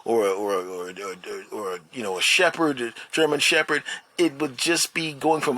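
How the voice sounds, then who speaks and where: A middle-aged man talks alone on his podcast, meandering from point to point. His storytelling is lively, and he often breaks off to poke fun at himself. His pitch sits in an ordinary middle range. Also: moderate pace, dry recording. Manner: rambling, animated storytelling with self-mocking asides. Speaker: podcast host. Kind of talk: solo podcast monologue.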